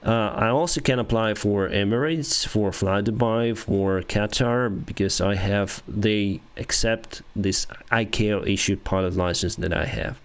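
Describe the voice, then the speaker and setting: A man in his thirties with a Ukrainian accent, an airline pilot chatting casually with viewers on a live stream in halting English. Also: fairly low pitch, smooth. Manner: halting non-native English with restarts and soft laughs.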